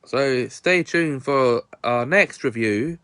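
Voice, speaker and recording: A man's voice: medium pitch, takes it slowly, fairly bright tone, clear, resonant tone, no room sound, studio quality. A young British man reviewing a comedy film in a jokey, put-on Australian accent, sprinkling his talk with slang. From Britain. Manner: jokey, peppers speech with "bloody" and "mates". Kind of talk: casual review vlog.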